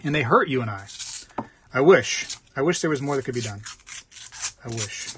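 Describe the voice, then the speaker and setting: A man's voice: mid-range voice, expressive, moderate pace, long pauses, fairly bright tone, a little hiss or hum. A man hosting a casual livestream, rambling and chatting while reading out viewer comments. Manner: rambling, chatty, reads out chat. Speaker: livestream host.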